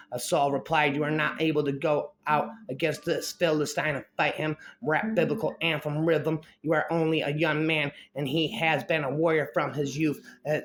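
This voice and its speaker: A man's voice: fairly high pitch, fairly bright tone. A man reading a Bible story aloud with frequent stumbles, breaking into improvised scat rap fillers between passages.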